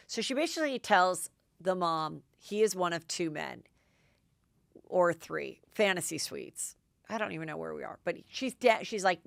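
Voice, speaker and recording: A middle-aged woman hosting a podcast, recapping gossip in an excitable, chatty way with lots of "like". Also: fairly low pitch, a little slow, gravelly, no echo, studio quality. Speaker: podcast host. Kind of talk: casual gossip commentary.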